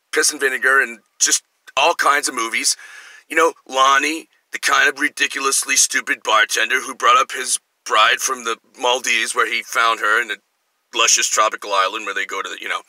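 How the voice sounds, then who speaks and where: A middle-aged male vlogger with a mid-range voice tells rambling personal stories at a normal pace, animatedly hopping between tangents and acting out quotes. The recording is rough but has no echo.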